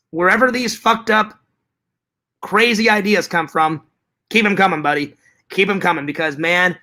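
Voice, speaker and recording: A high-pitched man hosts a laid-back live stream at an unhurried pace. He reads the chat out loud and responds with animated, profane, frequently repetitive replies.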